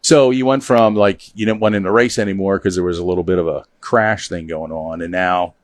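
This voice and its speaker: A man's voice: deep voice, fairly even intonation, fairly quick, no echo. A man hosting a casual studio chat, telling stories. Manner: storytelling, joking, reads viewer comments aloud. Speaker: show host. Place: small studio.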